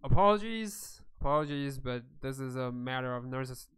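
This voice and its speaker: A man voicing a weary, secretive male deep gnome artificer who speaks formally and with resignation. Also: animated, moderate pace, smooth, close to an everyday voice. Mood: resigned.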